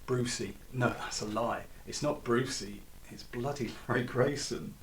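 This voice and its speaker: A man's voice: medium pitch, a little slow, a little hiss or hum. A man reading his own novel aloud with wry, chatty asides. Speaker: author reading own book. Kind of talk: audiobook narration. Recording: distant mic.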